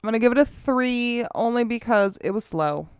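A woman's voice: a little high, lively intonation, moderate pace, clean tone, no room sound, clean studio sound. A young woman co-hosting a casual true-crime podcast, recapping the story bluntly and swearing freely. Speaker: podcast co-host.

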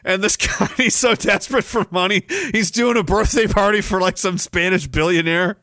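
A man's voice: sits high, normal speed, pushed and bright, no room sound, clean studio sound. A man hosting a live show and reading chat, rambling and swearing, with sudden bursts of mock outrage. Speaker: podcast host reading chat. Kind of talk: casual livestream chat.

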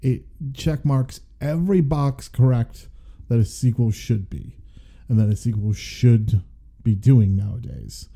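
A man with a deep, mellow, very dark voice co-hosts a casual film review podcast. He rambles and jokes, filling pauses with "uh" and "um" as he thinks aloud. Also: lively intonation, vocal fry. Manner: rambling, joking, halting with fillers. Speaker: podcast co-host. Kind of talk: casual movie review chat.

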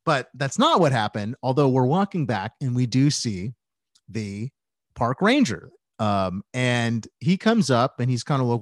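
A man tells a rambling, profane story with a self-mocking edge, in casual podcast chat. His pitch swings lively up and down. The sound is dry and close, with no room around it. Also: unhurried, no echo. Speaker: podcast co-host.

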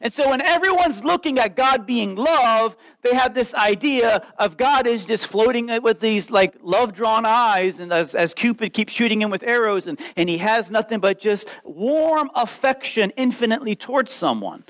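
A man in his late thirties preaching a sermon, lively and conversational, acting out quoted voices as he goes. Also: very high-pitched, moderate pace, hardly any pauses, low-quality recording. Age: 30s. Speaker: pastor.

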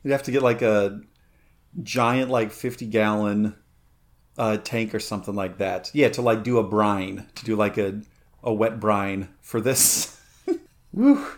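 A man co-hosting a podcast chats casually in a lowish voice with fairly even intonation. He rambles and halts, filling his speech with fillers and restarts, and laughs often.

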